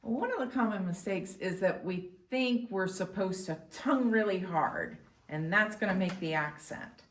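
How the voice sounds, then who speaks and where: A woman's voice: medium pitch, animated, moderate pace, few pauses, fairly bright tone. A woman flute teacher explaining technique in a patient, instructional way. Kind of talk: instructional demonstration. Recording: echoey room with faint noise.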